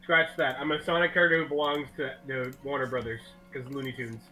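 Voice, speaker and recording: A man's voice: mid-range voice, level tone, brisk, pushed and bright, soft background music. A man in his twenties, joking around dramatically in a casual group voice call. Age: 20s. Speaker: stream guest.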